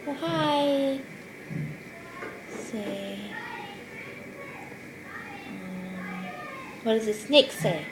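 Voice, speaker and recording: A woman speaks in slow, sing-song baby talk, coaxing a toddler at home. Her voice sits a little high and she draws each word out. The home camcorder recording carries a clear hiss and room noise behind her. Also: animated. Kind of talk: home video, talking to a toddler. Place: family home indoors.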